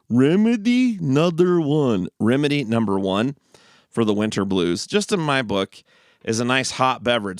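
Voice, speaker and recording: A man's voice: mid-range voice, smooth, dry recording, clean studio sound. A man hosting a casual, rambling monologue, often repeating and restarting phrases. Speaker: host. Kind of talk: casual stream-of-consciousness monologue.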